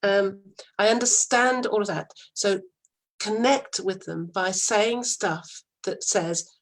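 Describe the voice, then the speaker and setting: Husky woman coaching firmly. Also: medium pitch, takes it slowly, low-quality recording. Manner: firm, emphatic, acts out example dialogue. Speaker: HR coach and guest. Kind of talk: interview over a call.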